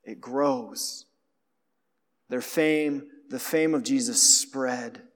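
A man preaching a sermon in a conversational way that swings between hushed, quiet passages and emphatic ones. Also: medium pitch, in a large hall.

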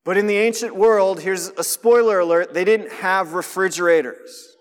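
High-voiced man preaching in a reverberant hall. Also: moderate pace. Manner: conversational preaching, asks listeners to notice. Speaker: pastor. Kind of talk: sermon.

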